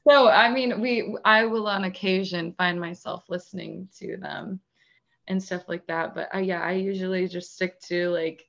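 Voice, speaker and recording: A woman in casual chat, talking in a relaxed, rambling way with lots of fillers and frequent laughs. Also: lowish voice, normal speed, vocal fry, muffled recording. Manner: chatty, many "like" fillers, laughs often.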